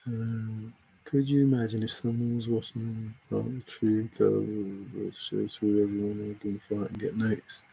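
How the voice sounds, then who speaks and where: A man's voice: lowish voice, little pitch movement, normal speed, creaky, dark tone, breathy edge. A man livestreaming, confronting a viewer in chat with an angry, repetitive, swearing rant.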